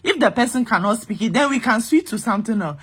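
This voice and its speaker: A woman's voice: fairly high pitch, lively intonation, fast, husky. A woman from Ghana with a Ghanaian accent, speaking in an angry, impassioned vlog rant and repeating her points with emphasis. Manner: exasperated, emphatic, repeats herself. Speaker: vlogger.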